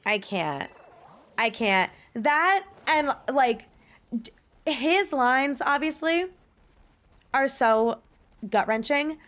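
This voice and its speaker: Her high-pitched, slightly bright voice has lively intonation but moves very slowly with long pauses. She's chatting casually on a livestream, reading chat aloud, gushing emphatically, and swearing occasionally.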